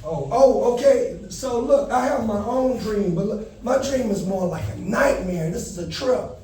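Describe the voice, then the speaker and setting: High-voiced comedian, far in an echoey room. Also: male voice, a little slow. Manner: animated storytelling, shouting in panic bits. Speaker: stand-up comedian. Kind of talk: stand-up comedy set. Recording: echoey venue heard from a distance.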